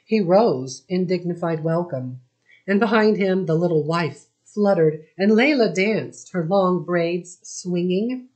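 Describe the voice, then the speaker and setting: A woman narrates a classic novel with a slow, unhurried pace and a fairly low voice. Her reading is measured and steady, letting each phrase settle. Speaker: audiobook reader. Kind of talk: scripted narration.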